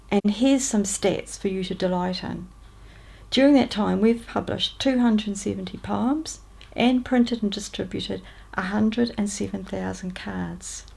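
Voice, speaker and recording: A woman's voice: medium pitch, a little slow, creaky, husky. A woman with a New Zealand accent reading aloud her own letters, in a chatty, upbeat way. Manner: warm, chatty letter-reading with lively lifts on greetings.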